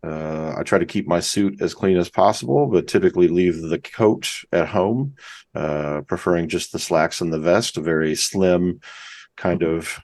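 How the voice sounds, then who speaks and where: Man, deep voice, hesitant character intro, dry close sound. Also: darkish tone, no echo. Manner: hesitant, halting. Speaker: tabletop game player.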